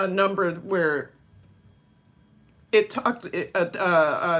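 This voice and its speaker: Woman vlogger, unhurried and chatty over breakfast at home; bright, forceful tone, rambling casual delivery. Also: lowish voice. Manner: chatty, rambling, laughs often. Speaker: vlogger and dance teacher.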